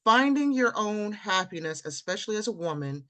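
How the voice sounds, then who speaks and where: A woman's voice: medium pitch, big pitch swings, normal speed, a bit bright. Casting: woman interview host, conversational, personal and affirming.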